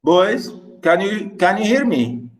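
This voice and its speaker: A man with a slightly high voice teaches a poetry lesson over a video call. He explains in a casual way, slows right down to read lines of verse, and jokes with his students. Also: big pitch swings, faint music behind, low-quality recording. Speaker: English literature lecturer. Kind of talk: online class lecture.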